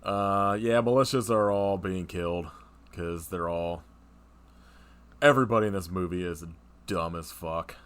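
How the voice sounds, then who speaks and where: A man's voice: low voice, unhurried, smooth. A man co-hosting a podcast, chatting casually about a movie, swearing and laughing often. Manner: profane, laughs often, animated retelling. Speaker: podcast co-host. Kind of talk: casual movie review chat.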